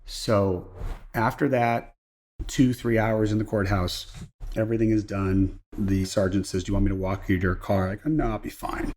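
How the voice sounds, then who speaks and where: Man, middle-aged, low-pitched, husky, casual storytelling, mimics quoted voices. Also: normal speed. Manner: animated anecdote-telling, acting out quoted voices. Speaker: interview guest.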